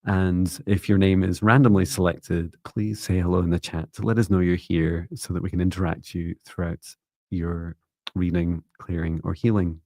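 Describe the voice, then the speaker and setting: Man, very deep voice, gravelly, live-stream co-host, chatty, dry sound. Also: flat delivery, normal speed, warm tone, no echo. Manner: chatty, laughs easily. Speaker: co-host, psychic reader. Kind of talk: live-stream chat and readings.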